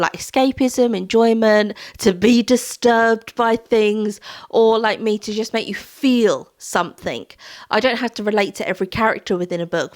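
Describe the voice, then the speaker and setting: Heartfelt, rambling woman book vlogger. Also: medium pitch. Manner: heartfelt, rambling, with many fillers and restarts. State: tearful at times. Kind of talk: casual monthly reading wrap-up.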